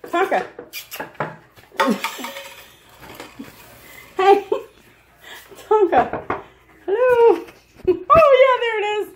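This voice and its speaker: A woman's voice: very high voice, wildly swooping pitch, drawn-out words, pauses often, noisy background. A woman at home playfully giving her dog commands and encouragement during a game. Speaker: dog owner and channel host. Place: at home, at a table.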